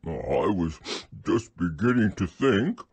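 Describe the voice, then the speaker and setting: A man doing a slow, gloomy storybook bear. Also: sits low, lively intonation, darkish tone, husky, no room sound, heavily acted. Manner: slow, anxious, sniffling. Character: slow, gentle, gloomy male teddy bear.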